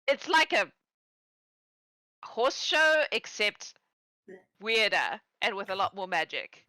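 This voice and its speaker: A woman narrating as game master of a tabletop game, telling the story in a relaxed, playful way. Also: mid-range voice, slow pace, no echo, rough recording.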